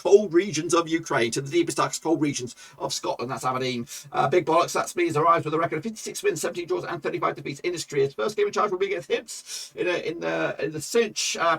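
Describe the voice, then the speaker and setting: A man hosting his own football management game channel, talking loudly and chirpily while he plays, rambling with many fillers. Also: on the high side, vocal fry. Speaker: gaming channel host. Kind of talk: casual game commentary.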